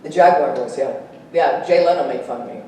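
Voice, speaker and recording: An actress speaking at a convention panel, animated and quick to laugh as she tells stories and acts out voices. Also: a bass voice. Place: convention hall stage. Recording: echoey hall, distant, faint hiss.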